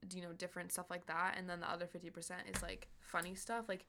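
A woman's voice: on the low side, completely flat delivery, fast talker, noisy background. A young woman co-hosting a podcast, chatting casually and telling a story full of fillers. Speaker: podcast co-host. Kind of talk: casual chat.

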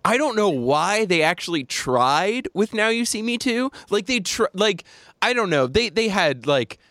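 A man's voice: high voice, sing-song, measured pace, sharp tone, dry recording, studio quality. A man hosting a podcast in casual chat, joking, laughing often and acting out little scenes. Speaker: podcast host.

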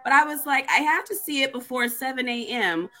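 A woman co-hosting a casual chat, telling stories in a lively way with playful mock grievance. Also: high voice, a little fast, faint music behind. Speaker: co-host.

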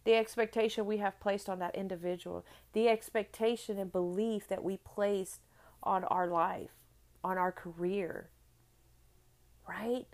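A woman's voice: medium pitch, fairly even intonation, unhurried, a little mellow. A middle-aged woman giving an earnest motivational talk. She repeats phrases for emphasis and often checks in with "right?". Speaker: motivational speaker.

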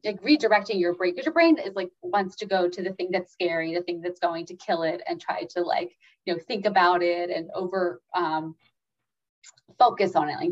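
A woman talking casually as a guest expert on calming anxiety, with many fillers and acted-out inner voices. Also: on the low side. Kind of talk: casual interview talk. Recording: slightly dull lo-fi sound.

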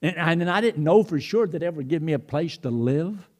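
A middle-aged preacher with a fairly high, slightly mellow voice speaks at normal speed with lively intonation. His sermon is full of folksy stories, and he retells phone calls by quoting what was said.

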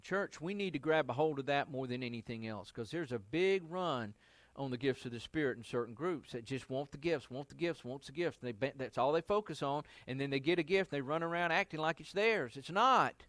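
A male pastor giving a conversational Bible study sermon, acting out the quotes he reads with lively inflections. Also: mid-range voice, a little fast, no echo.

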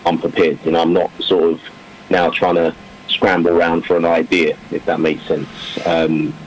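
A man's voice: sits low, little pitch movement, moderate pace, slight background noise, low-quality recording. A man, a cricketer who now coaches, answering interview questions in a loose, rambling way full of fillers and restarts. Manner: rambling, many fillers and restarts, warm laughter.

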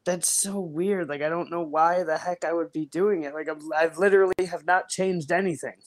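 A podcast co-host talking over a remote call, rambling in quick bursts with lots of fillers and laughter. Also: mid-range voice, fairly even intonation. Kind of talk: casual chat.

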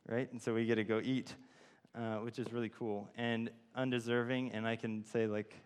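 A man's voice: mid-range voice, level tone, moderate pace, clear, resonant tone. A man giving an informal sermon, telling a personal story with many fillers and restarts. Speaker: church speaker. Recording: long hall reverb.

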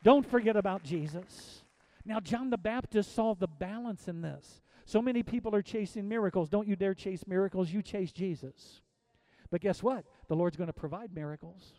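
High-pitched middle-aged pastor preaching hard, swings loud to soft, dry close sound. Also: male voice, moderate pace, dry recording. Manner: preaching with rising and falling intensity, repetitive exhortations. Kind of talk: sermon.

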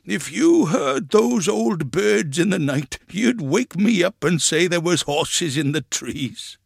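A man doing a loud, high-pitched old grandfather. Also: big pitch swings, takes it slowly, vocal fry, no room sound, clean studio sound, full character voice. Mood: gruff. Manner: shouting to imaginary horses, high and loud. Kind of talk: dramatic story reading.

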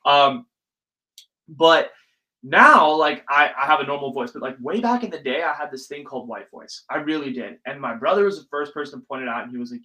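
A young man hosting a casual solo podcast, talking in an animated, ranting way and swearing freely. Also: a little high, moderate pace, rough recording. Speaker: podcast host.

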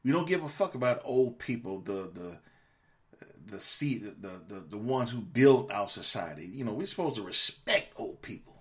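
His voice lowish and sing-song, the man hosting this podcast delivers a moderately paced tirade full of profanity. He berates his listeners, and the repetition grows as he gets more heated.

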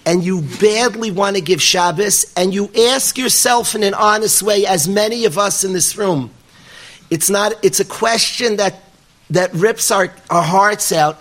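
Earnest high-voiced man preaching. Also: a little slow, a bit bright. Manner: earnest, emphatic, repetitive phrasing. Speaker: rabbi teaching yeshiva students. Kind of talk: sermon with storytelling. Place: room with a live audience.

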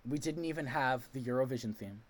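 A man's voice: medium pitch, brisk, a crowd in the background. A man hosting a podcast, recapping a play in a loose, jokey way. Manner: animated, jokey storyteller who slips into quoted voices. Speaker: podcast host. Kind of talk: casual chat recapping a play.

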